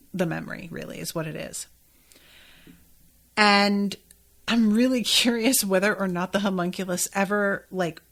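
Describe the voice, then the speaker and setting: A woman's voice: medium pitch, fairly bright tone. Chatty woman recapping an episode. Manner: chatty, rambling, many filler likes. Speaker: podcast host.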